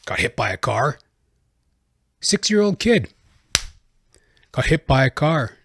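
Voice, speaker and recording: A man's voice: medium pitch, very animated, takes it slowly, breathy edge. A man hosting his own podcast, telling his life story in a rambling, conversational way. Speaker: podcast host. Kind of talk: casual personal monologue.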